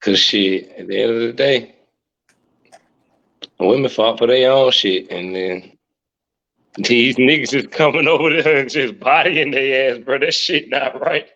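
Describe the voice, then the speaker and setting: A man's voice: medium pitch, unhurried, long pauses, a bit bright. A young man hosting a podcast, talking casually with blunt, profane opinions and easy laughter. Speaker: podcast host. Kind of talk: casual chat. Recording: lo-fi dull audio.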